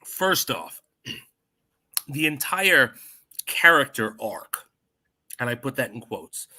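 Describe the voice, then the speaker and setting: A man's voice: mid-range voice, big pitch swings, slow pace, pushed and bright. A man co-hosting a podcast, ranting sarcastically and swearing while reviewing a movie. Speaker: podcast co-host. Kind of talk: casual movie review chat.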